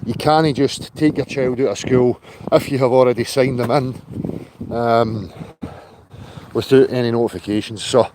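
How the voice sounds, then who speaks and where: A man's voice: medium pitch, fairly even intonation, measured pace, background noise. A man hosting a casual livestream outdoors, chatty and loose, swearing now and then. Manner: chatty, greets viewers by name, swears in asides. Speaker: livestream host.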